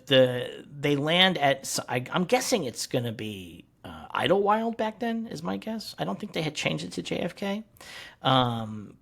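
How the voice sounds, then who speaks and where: An excitable co-host talking comics in a loose, laughing way. The pitch swings widely as he acts out panels, and the voice carries a slight huskiness. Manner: animated, laughing, swearing, retelling panels. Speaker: podcast co-host. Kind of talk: casual comics discussion.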